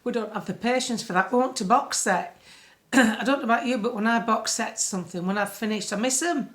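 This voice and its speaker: A woman's voice: a little high, brisk. A woman talking casually to camera as a political commentator. She is blunt and sarcastic, and often sounds annoyed. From United Kingdom.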